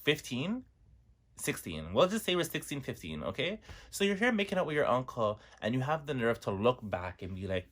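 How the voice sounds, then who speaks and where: A man in his twenties from Toronto, telling a dramatic storytime on his vlog. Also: moderate pace. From Toronto, Canada. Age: 20s. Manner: animated, dramatic storyteller with big pitch swings. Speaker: vlogger.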